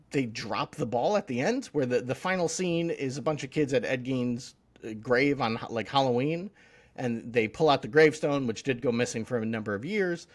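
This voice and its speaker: Rambling man chatting about TV. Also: mid-range voice. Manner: rambling, jokey, full of restarts and mocking quoted voices. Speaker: podcast co-host. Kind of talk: casual chat about TV.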